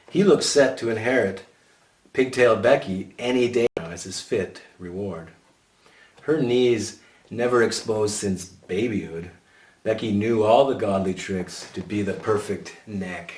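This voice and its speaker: Man, memoir narration, dry and wry, low-pitched, echoey, distant mic. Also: takes it slowly. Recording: roomy sound from a distant mic.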